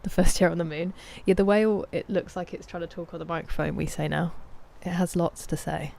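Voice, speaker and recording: A British woman chatting casually on a live game stream, thanking viewers and sometimes dropping into a soft whisper. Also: lowish voice, steady tone, brisk, vocal fry. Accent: British English.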